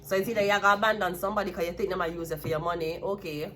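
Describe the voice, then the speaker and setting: A woman's voice: fairly low pitch, fairly even intonation, rapid-fire, noisy background. A woman with a Jamaican accent giving a solo tarot reading, talking bluntly and with plenty of profanity. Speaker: tarot card reader.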